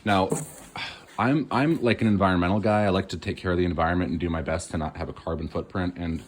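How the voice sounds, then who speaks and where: A man's voice: deep voice, fast, slight background noise. A man in a cold garage, rambling casually through an unboxing with joking asides. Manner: chatty and rambling, self-mocking asides. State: cold, shivering. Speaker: online reseller.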